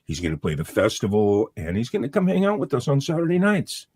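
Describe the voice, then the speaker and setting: A man's voice: medium pitch, huge pitch swings, brisk, darkish tone, breathy edge, no room sound. A man organizing a music festival, chatting in an upbeat, rambling way with fillers as a guest. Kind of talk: casual chat.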